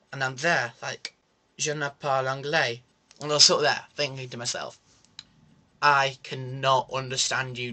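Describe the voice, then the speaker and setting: Young guy vlogging, bright voice, sarcastic ranty storytelling. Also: medium pitch. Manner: animated, sarcastic ranting with mock French asides. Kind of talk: casual storytelling vlog.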